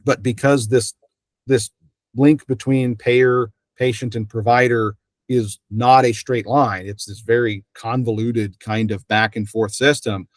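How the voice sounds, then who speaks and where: An interview host with a mid-range voice speaks unhurriedly and fairly evenly, with no room sound. His conversational style is loose and rambling, packed with fillers and restarts, and he acts out the people he quotes.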